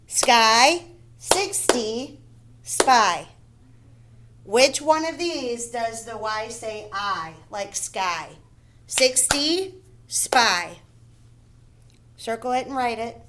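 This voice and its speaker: Slow, patient first grade teacher woman. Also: a little high, animated, a bit bright, a little hiss or hum. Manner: slow, deliberate, spells words out letter by letter; repeats words and checks with "okay?" and "right?". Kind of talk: recorded phonics lesson.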